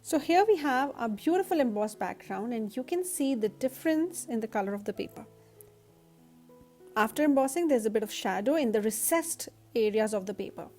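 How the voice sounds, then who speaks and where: A woman with a husky, nasal voice from allergies, explaining a card-making technique step by step in a voice-over tutorial. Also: fairly high pitch, expressive, a little fast, darkish tone, faint music behind.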